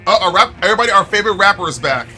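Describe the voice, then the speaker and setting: Bright, joking streamer guy. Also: high voice, very fast. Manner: animated, joking, talks to chat. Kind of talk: casual gameplay commentary. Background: game music.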